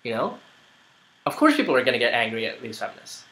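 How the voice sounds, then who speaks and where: A man's voice: medium pitch, sing-song, fast, sharp tone, low-quality recording. A man commenting on a played video, argumentative and rambling, with many fillers. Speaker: YouTuber making a response video.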